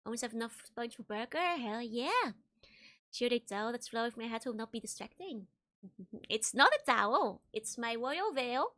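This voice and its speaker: A woman's voice: a little high, normal speed, sharp tone. A young woman streaming, chatting casually with viewers, giggling often and repeating her greetings.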